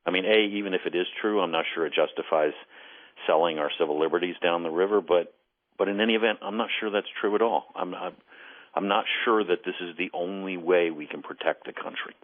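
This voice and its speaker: A low-pitched man who used to be an intelligence case officer is a guest on a call-in radio show, heard over a telephone line. He speaks earnestly and deliberately, frequently repeating words as he begins a thought.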